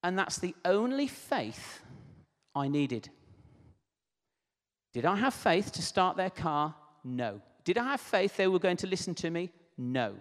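A man's voice: sits high, very animated, unhurried, in a large hall. A man preaching a sermon, telling a personal testimony in a conversational, storytelling way with asides.

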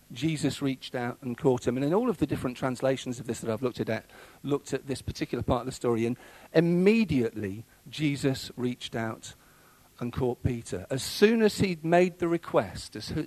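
A man's voice: medium pitch, animated, a little fast, darkish tone, dry recording, low-quality recording. Man preaching a conversational sermon. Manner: conversational, with many fillers and restarts.

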